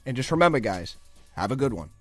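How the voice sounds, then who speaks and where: A man's voice: mid-range voice, big pitch swings, fast talker, loud music behind the voice. A young man, a guest commentator, chatting casually over gameplay footage and stumbling over his words as he rambles.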